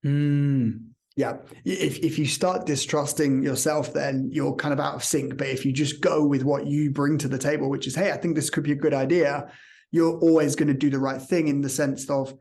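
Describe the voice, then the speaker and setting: A man's voice: fairly high pitch, steady tone, normal speed, darkish tone. Encouraging male podcast host. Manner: encouraging, enthusiastic. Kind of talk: casual interview.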